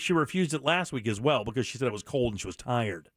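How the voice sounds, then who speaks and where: A man's voice: medium pitch, animated, fast talker, fairly bright tone, no echo, studio quality. A middle-aged man hosting a radio show, talking earnestly and bluntly with many restarts. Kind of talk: candid talk radio monologue.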